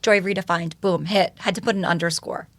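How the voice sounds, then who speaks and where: A woman talking as a podcast guest, telling her story in an animated, expressive way and swearing casually. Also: fairly low pitch, fairly quick. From United States.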